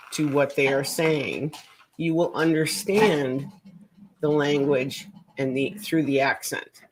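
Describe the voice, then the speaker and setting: Low-pitched woman from Canada, nurse guest, chatty storyteller on a radio show. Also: takes it slowly, a little hiss or hum. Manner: animated storyteller, fillers like "you know". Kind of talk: casual radio talk.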